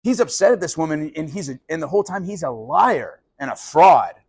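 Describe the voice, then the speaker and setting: A man preaching a conversational sermon as a pastor, animated and casual, sometimes acting out voices of the people he talks about. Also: a little high, a little fast, creaky, slightly rough. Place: live sermon at a college venue.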